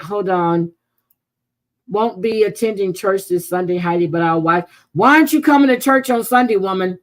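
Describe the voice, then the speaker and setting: A woman's voice: medium pitch, poor audio. A woman hosting a live stream, chatting casually, thanking viewers by name and talking to herself as she clicks through pages. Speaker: livestream host reading chat.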